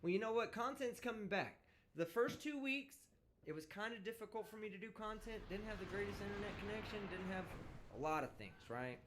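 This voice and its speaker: A brash man hosts his live stream and swears freely in a casual, animated rant. His voice sits high and swings widely from line to line. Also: fairly quick, background noise. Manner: brash, vulgar, animated ranting. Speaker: livestream host. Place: indoors, traveling.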